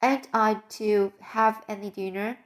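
Whimpering mischievous little boy voiced by a woman reader, pleading, slow deliberate delivery, storybook reading. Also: medium pitch, fairly even intonation, natural voice. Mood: wailing. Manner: whiny, pleading.

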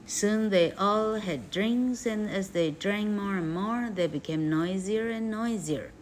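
A woman reading a classic story aloud and translating it as an English teacher, in a lively, chatty way. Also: mid-range voice, slow pace, slight background noise. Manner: lively, chatty, self-correcting.

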